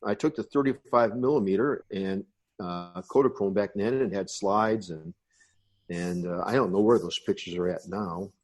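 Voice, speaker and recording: Low-voiced older man reminiscing. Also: normal speed, a little mellow. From United States. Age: 60s. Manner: rambling reminiscing storyteller. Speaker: guest. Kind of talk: casual interview.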